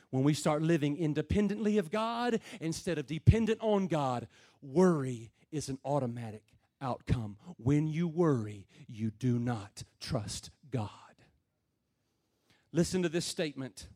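A man preaching a sermon to a room of men, plain and folksy, rising to loud calls and dropping to low murmurs. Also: animated, a little slow. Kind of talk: sermon to a men's gathering.

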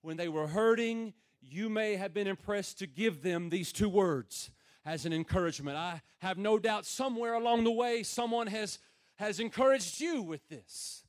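Male preacher, very high voice, sermon, repeated phrases, loud emphatic bursts. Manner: swings from quiet and slow to loud, shouted emphasis. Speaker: pastor.

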